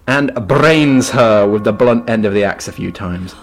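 A man's voice: fairly low pitch, measured pace. A man co-hosting a casual book podcast, playfully retelling the plot and acting out the characters' voices. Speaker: podcast co-host.

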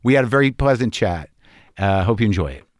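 Animated man hosting a podcast chat. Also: fairly low pitch, no room sound, studio quality. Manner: animated, quick interjections, playful voice impressions. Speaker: podcast host. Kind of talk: casual interview chat. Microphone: close studio mic.

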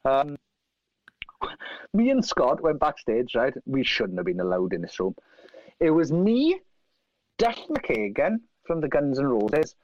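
A man from South Wales with a Welsh accent, telling animated, profane anecdotes and acting out other people's lines. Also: mid-range voice, dry recording. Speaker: guest musician. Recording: dry, slightly dull lo-fi sound.

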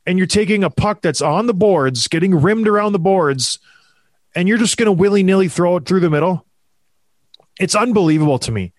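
A man's voice: on the high side, no room sound. A man hosting a sports talk show, ranting in exasperation with frequent sighs. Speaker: hockey podcast host. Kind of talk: heated sports commentary chat.

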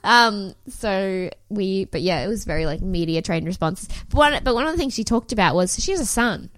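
A woman's voice: mid-range voice, expressive, brisk, no echo. A young woman co-hosting a podcast, chatting casually and sarcastically, acting out quotes from a reality show. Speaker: podcast co-host.

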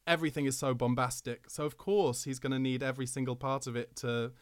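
A man's voice: mid-range voice, fairly even intonation, fast, smooth, no echo, studio quality. A man hosting an interview, asking curious, chatty questions. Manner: inquisitive, chatty. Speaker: podcast host. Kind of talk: interview conversation.

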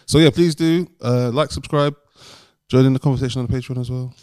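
Quick-talking male co-host, mid-pitched, dry quips in casual banter. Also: steady tone, darkish tone, clear, resonant tone. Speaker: podcast co-host.

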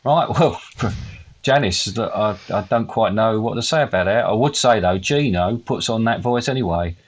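Brief: middle-aged male podcast co-host, low-set voice, dry deadpan humor. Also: moderate pace, muffled recording. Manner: deadpan, dry and self-mocking. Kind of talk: casual comedy podcast chat.

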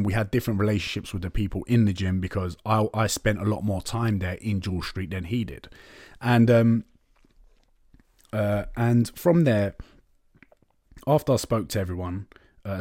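With a lowish, slightly mellow voice, a young man hosting a podcast chats openly through a personal story, cursing and saying "innit, man" along the way. It's a casual storytelling monologue captured in a dry, clean studio recording.

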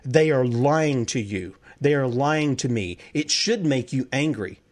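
A man's voice: mid-range voice, animated, measured pace, darkish tone. A man hosting a talk show, delivering an impassioned political monologue full of heated rhetorical questions. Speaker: host.

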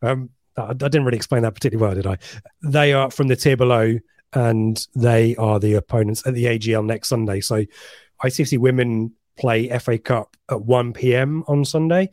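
Bloke hosting a podcast, easy chatty voice, dry close sound. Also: male voice, mid-range voice, steady tone, a little fast, a little mellow, dry recording. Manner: chatty, reads out listener messages. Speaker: podcast co-host. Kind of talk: casual live podcast chat.

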